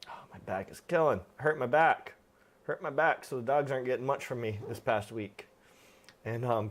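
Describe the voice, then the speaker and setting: A man hosting a live stream, answering viewer questions about dogs in a plain-spoken, casual way with frequent fillers. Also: medium pitch. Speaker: livestream host, dog trainer.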